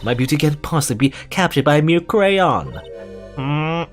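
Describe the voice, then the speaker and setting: A man's voice: on the high side, lively intonation, normal speed, faint music behind, pitched above the performer's own voice, close to an everyday voice. A man voicing a haughty young female prosecutor in a game, talking imperiously.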